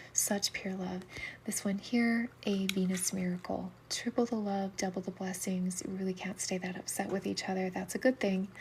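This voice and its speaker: Again the middle-aged livestream reader offers soulmate readings in a calm, soft voice of medium pitch, slipping into whispers often. A little hiss or hum runs under the recording.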